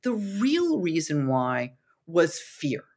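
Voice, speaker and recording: A woman author, a podcast guest, explaining storytelling with lively retellings of film scenes. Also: deep voice, takes it slowly, breathy edge. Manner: animated, acts out dialogue in quotes.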